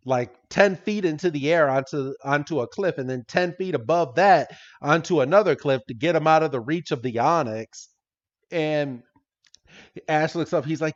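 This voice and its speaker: A man with a fairly high voice rambles through a cartoon recap on a podcast, peppering it with swears and quick laughs. The sound is dull and lo-fi, as if from a modest home setup. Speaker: podcast co-host. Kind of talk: casual episode recap.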